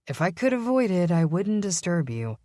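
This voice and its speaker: A woman's voice: lowish voice, sing-song, normal speed, dark tone, dry recording, studio quality. A woman reading an audiobook, voicing a guilty, earnest male vampire police captain who speaks politely and apologetically. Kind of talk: audiobook character voice.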